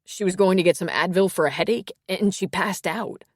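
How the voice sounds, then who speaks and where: A woman's voice: on the low side, a little fast, dry recording, studio quality, natural voice. A woman voicing a seventeen-year-old boy who stammers and speaks frantically. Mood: panicked.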